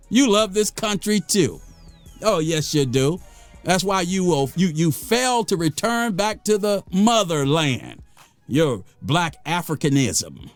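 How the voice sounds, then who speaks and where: Soft music backs a slow-paced, high-voiced American vlogger in the middle of an impassioned sermon to his camera. Repeating lines for effect, he gets riled up and then reins himself in.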